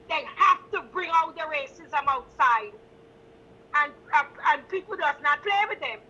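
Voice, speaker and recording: A woman's voice: extremely high pitch, sharp tone, muffled recording, a little hiss or hum. Impassioned Guyanese woman caller. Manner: emphatic, repeating herself. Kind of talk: impassioned call-in talk.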